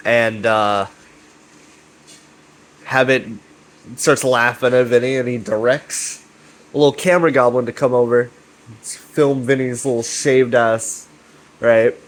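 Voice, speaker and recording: A man's voice: mid-range voice, a bit bright, poor audio. Profane, rambling male recapper. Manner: profane, filler-heavy, chummy. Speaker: channel host recapping a web series.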